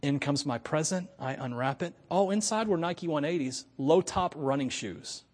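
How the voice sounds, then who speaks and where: Speaking at a normal speed with a fairly high pitch, a middle-aged pastor delivers a story-driven sermon in a large, echoing hall. He drops to hushed asides, rises to loud preaching, and laughs at the stories he tells.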